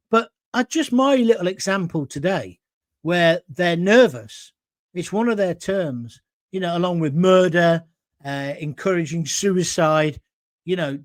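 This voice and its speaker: Brief: blunt, rambling middle-aged male host from Coventry, higher voice, very dry close sound. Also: no echo. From Coventry, England. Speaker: online show host. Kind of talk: opinionated monologue reading viewer comments.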